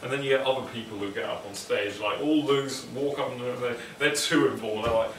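A man's voice: mid-range voice, steady tone, brisk, recorded from a distance. English male vlog host, loose and joking; recorded off-mic in a roomy space with faint hiss. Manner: joking, self-deprecating, rambling. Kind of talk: rambling casual monologue. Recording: echoey room, mic some way off, faint noise.

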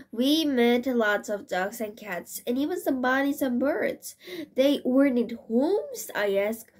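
A young woman reading a children's picture book aloud, expressive and with small slips that she corrects as she goes. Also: fairly high pitch. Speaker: storybook reader.

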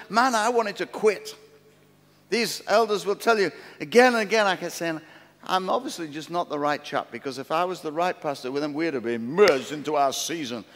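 A middle-aged man preaching a sermon as pastor, telling stories in an animated, repeating way with restarts. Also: on the high side. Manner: animated, repetitive storytelling with many restarts. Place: large former theatre used as a church. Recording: long reverb of a large hall.

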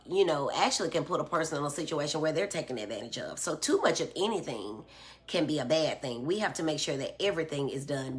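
A middle-aged woman hosting a live stream, reading out viewer comments and explaining patiently with everyday examples. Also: sits low. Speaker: host answering viewer comments. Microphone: phone or tablet.

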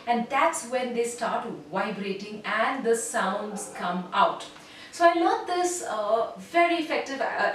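A woman giving an online voice lesson as a voice coach, speaking in a measured, instructive way and demonstrating sounds. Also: on the high side, a bit bright, slight background noise. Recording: very echoey room, voice heard from a distance.

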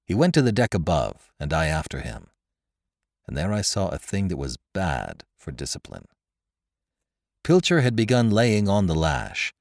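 Male narrator, deep voice, lively intonation, dry studio sound. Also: no room sound. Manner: expressive, dramatic storytelling. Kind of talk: scripted narration.

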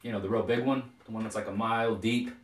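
Guy doing a chill young god, halting casual talk, low voice, far from the mic. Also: fairly even intonation, close to an everyday voice. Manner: laid-back, halting. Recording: roomy echo, distant mic.

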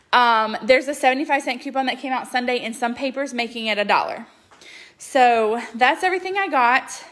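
Woman, higher voice, upbeat casual haul chat, frequent ums. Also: fairly bright tone. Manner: chatty and upbeat, lots of ums. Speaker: couponing vlogger.

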